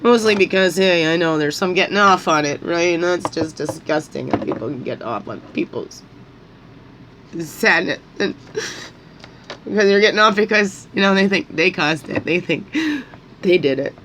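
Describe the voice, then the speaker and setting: A woman's voice: fairly low pitch, moderate pace, noisy background. A woman talking through her feelings in an emotional, rambling monologue, at times crying and repeating her words as her voice rises. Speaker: spiritual guidance vlogger.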